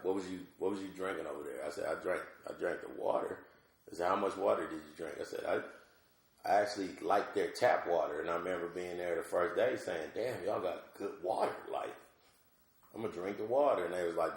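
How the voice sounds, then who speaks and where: A man with a very low, gravelly voice tells a comic story in a loose, casual way. He is from Georgia and jumps into acted voices as he goes. The room around him is echoey. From Georgia, USA. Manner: animated, acts out voices with big pitch jumps. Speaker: comedian guest.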